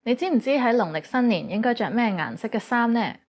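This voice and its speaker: A woman narrating a scripted lesson in an even, measured way. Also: on the high side.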